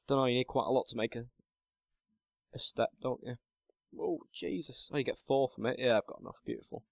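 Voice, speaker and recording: A lad in his late teens chats through his gameplay, joking at his own expense and muttering to himself between remarks. His voice sits at an ordinary middle pitch. It is recorded close and dry, with no room sound. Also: moderate pace, gravelly, long pauses, no echo. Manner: chatty and self-mocking, muttering to himself while playing. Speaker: gaming channel host. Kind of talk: casual gameplay commentary.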